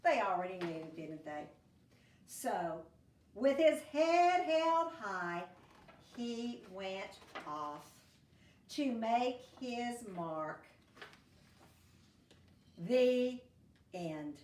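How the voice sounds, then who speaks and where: A woman teacher reads a storybook to young children. Her voice is high and swoops up and down, and she takes her time. She sounds a little distant, in an echoey room. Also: big pitch swings, very slow, long pauses, darkish tone. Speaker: first grade teacher. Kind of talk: reading a picture book aloud to children.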